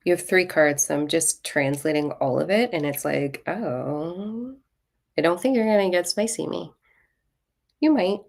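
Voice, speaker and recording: Low, gravelly-voiced woman ranting bluntly. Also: animated, moderate pace, darkish tone. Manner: blunt, ranting, swears freely; self-mocking and playful. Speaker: spiritual reader and live-stream host. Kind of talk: casual live-stream card reading.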